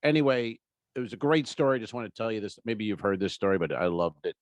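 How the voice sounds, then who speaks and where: A man's voice: lowish voice, quick pace, dry recording. A man co-hosting a comedy podcast, telling a story in casual chat and swearing freely.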